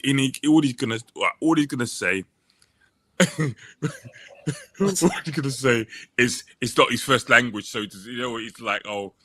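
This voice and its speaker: Man, casual podcast co-host, bright tone, rambles and acts out quotes. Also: mid-range voice, measured pace, pauses often, dry recording. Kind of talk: casual storytelling chat.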